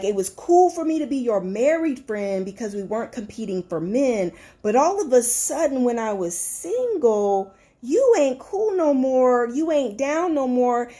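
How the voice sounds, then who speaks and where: A high-pitched woman in middle age gives a motivational monologue. She talks bluntly in casual slang and slips into acted-out voices of the people she describes. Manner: animated, acts out friends' voices in quotes. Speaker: life coach and show host.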